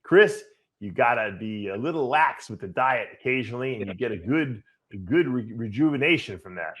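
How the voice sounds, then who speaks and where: Male podcast co-host, middle pitch, chatty and animated, stumbling over words. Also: fairly quick. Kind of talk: casual chat.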